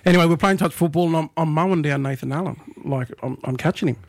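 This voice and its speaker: A middle-aged man with an Australian accent, telling stories in a casual chat, animated and laughing as he acts out what others said. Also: a little high, quick pace, creaky, no room sound. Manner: animated yarn-spinning, laughs often, acts out quoted voices.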